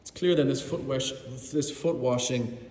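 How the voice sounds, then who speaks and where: Preacher in an echoing hall. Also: male voice, medium pitch, moderate pace, a little mellow. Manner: vivid storytelling, addresses the congregation. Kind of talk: sermon. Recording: roomy hall with long reverb.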